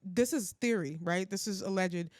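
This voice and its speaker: A woman's voice: medium pitch, normal speed, no room sound, studio quality. A woman co-hosting a podcast, explaining theories in an earnest, conspiratorial casual chat. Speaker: podcast co-host.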